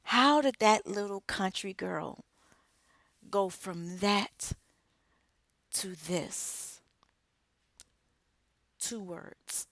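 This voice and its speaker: A middle-aged woman, an author and radio co-host, giving an inspirational speech with emphatic, measured phrasing and dramatic pauses. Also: mid-range voice, fairly bright tone, dry recording.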